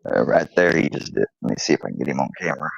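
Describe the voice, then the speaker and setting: Gravelly, animated man telling dog stories. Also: rumbling low, rapid-fire, dry recording, muffled recording. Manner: animated, swears freely, baby talk to his dog. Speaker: channel host. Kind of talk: casual storytelling to camera.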